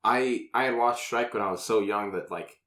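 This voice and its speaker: Young male co-host, easygoing, lower voice, echoey room sound. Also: fairly bright tone. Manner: laid-back, agreeable, quick to laugh. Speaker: podcast co-host. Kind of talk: casual chat.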